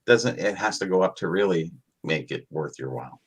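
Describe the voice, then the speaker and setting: Deep-voiced male podcast regular, expressive and rambling, self-deprecating. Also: normal speed, slightly rough. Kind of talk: casual podcast chat.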